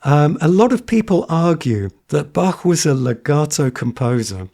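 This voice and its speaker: A man's voice: on the high side, big pitch swings, moderate pace, vocal fry, dark tone. A man teaching a piano tutorial, often singing phrases on nonsense syllables as he explains. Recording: piano played behind speech.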